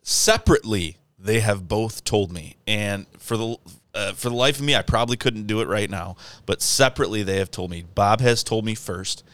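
A man co-hosting a podcast, telling stories and reading questions in quick, casual chat. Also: fairly low pitch, fairly bright tone, dry recording. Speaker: podcast co-host.

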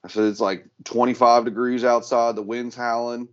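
A man's voice: medium pitch, level tone, normal speed, lo-fi sound. A man co-hosting a podcast, chatting casually and telling a short anecdote in a laid-back way. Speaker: podcast co-host. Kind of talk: casual chat.

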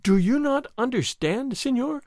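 A man's voice: extremely high pitch, animated, moderate pace, darkish tone, no room sound, studio quality, voice pushed up. A man reading aloud and voicing a proud, spirited young noblewoman who speaks with indignant scorn.

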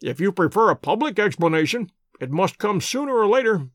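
Brief: male reader doing a calm, wry, courteous detective, lively delivery. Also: high-pitched, no echo. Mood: pressing. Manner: measured, courteous, gently ironic.

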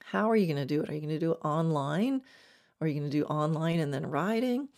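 Low-voiced woman riding coach, mellow. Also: animated, fast. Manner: reflective, laughs softly now and then. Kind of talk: instructional talk.

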